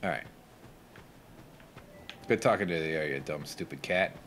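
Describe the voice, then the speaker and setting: A man's voice: rumbling low, measured pace, noisy background. A man giving casual, crude, sarcastic commentary over a video game playthrough. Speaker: gameplay commentator. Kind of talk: casual let's play commentary.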